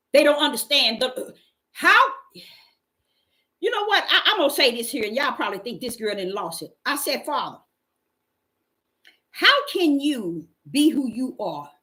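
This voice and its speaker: Fervent woman preaching, high and animated. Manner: fervent, call-and-response exclamations, Bible reading. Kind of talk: informal street-style sermon.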